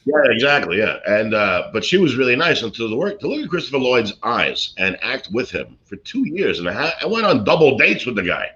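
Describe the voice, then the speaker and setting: A man's voice: medium pitch, sing-song, a little fast, few pauses, bright, forceful tone. A man, an actor and comedian from Brooklyn, telling rambling showbiz stories in casual chat with many fillers and restarts. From Brooklyn, USA. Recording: dull lo-fi sound.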